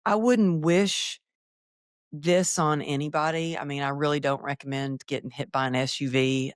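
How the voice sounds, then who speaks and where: A middle-aged woman, a podcast guest, telling a personal story and acting out the dialogue with lively shifts. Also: rumbling low, no room sound, clean studio sound. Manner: animated, acts out quoted dialogue.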